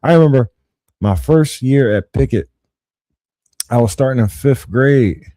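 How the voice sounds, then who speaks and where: Medium in pitch and a little slow, this young man speaks with no room sound. As a podcast host, he shares school tales in slangy, animated chat and acts out other people's words.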